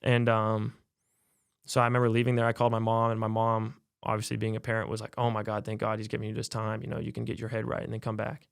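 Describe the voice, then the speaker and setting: A young man, a college athlete, telling a personal story in a podcast interview, soft-spoken and halting with many fillers. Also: lowish voice, monotone, creaky, clean tone, no echo, clean studio sound. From United States. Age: young adult. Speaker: college basketball player, podcast guest. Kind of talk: personal testimony in a podcast conversation.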